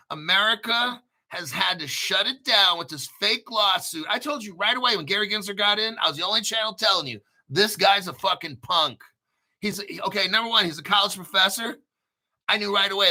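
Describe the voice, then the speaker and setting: High, bright, foul-mouthed crypto host. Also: male voice. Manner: crude, profane, boastful, jokey asides. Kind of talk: rambling live commentary reading a news article.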